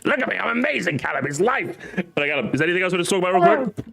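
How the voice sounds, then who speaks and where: Male streamer, 30s, higher-pitched and very animated, loose banter with swearing. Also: very fast, creaky. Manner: banter, swearing, loud teasing bursts. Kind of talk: casual live-stream chat.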